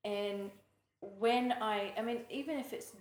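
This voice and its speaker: An earnest woman co-host shares her own struggles in a relaxed faith podcast. She talks in loose, searching phrases that restart and trail off. The room rings around her. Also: medium pitch, unhurried, reverberant, rough recording. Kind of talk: casual Christian podcast chat.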